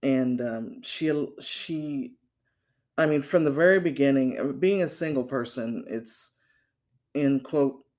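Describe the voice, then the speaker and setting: An older woman guest speaking hesitantly, with many pauses and fillers. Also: a bass voice, a little mellow. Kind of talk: interview conversation.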